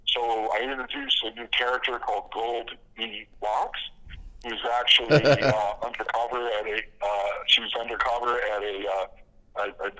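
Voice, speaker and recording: A man chats casually as a podcast guest, his voice bright and pushed forward. He strings stories together with plenty of fillers and false starts, chuckling at his own jokes. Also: medium pitch, low-quality recording. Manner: rambling storyteller, many fillers and restarts, laughs at own jokes. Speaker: podcast guest, comic creator. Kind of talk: casual interview talk.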